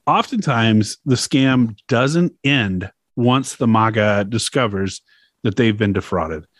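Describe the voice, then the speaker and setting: A man's voice: on the low side, lively intonation, slow, no echo, studio quality. A man hosting a podcast, explaining a topic in a loose, chatty way with laughs and swearing. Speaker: podcast host. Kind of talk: casual chat.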